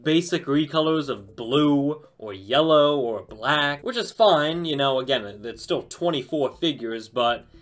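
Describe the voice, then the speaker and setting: A man hosting a casual toy unboxing review, talking in an excited, chatty, slangy way. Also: fairly high pitch, measured pace, few pauses.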